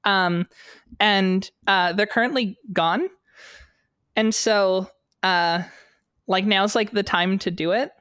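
A woman's voice: mid-range voice, slow, long pauses, fairly bright tone, clear, resonant tone, no room sound. Chatty young woman with a dry close sound. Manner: rambling, playful, many fillers. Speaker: podcast co-host. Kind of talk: casual chat. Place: unfinished basement.

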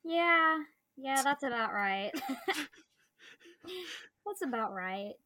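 Slow-talking woman reacting with laughter. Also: high voice, animated, sharp tone, no echo. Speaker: podcast co-host. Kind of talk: casual podcast chat. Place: at home, on her bed.

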